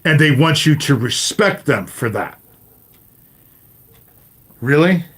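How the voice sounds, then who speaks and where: A man in his fifties delivers a profane livestream rant, speaking directly to the people in his chat. His voice sits a little high for a man. He peppers his sentences with swearing and a habitual "you know?". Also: expressive, takes it slowly, fairly bright tone, breathy edge. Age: 50s. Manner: swears constantly, addresses viewers directly, repeats "you know?". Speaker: livestream host.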